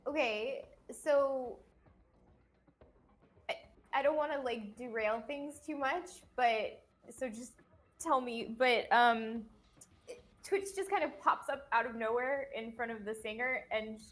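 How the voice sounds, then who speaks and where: A woman player in a tabletop game, chatting hesitantly as she feels her way through her turn. She talks slowly, in a slightly high voice.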